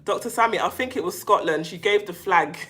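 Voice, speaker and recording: A woman's voice: medium pitch, a little fast, a bit bright. A woman hosting a casual livestream, chatting to her viewers with lots of fillers and restarts, and reading out their comments as she goes. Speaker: livestream host on narcissistic abuse.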